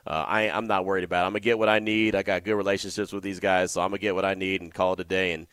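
A man's voice: low-pitched, level tone, very fast, a bit bright, smooth, no echo. A man hosting a sports radio show, telling stories in a loose, chatty, slangy way. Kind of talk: casual radio chat.

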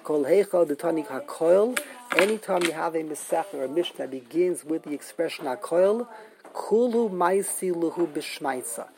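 A man's voice: on the high side, expressive, moderate pace, a little mellow, rough recording. A man giving a Talmud class lecture, explaining emphatically and repeating himself, mixing Yiddish and Hebrew terms. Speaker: Talmud teacher.

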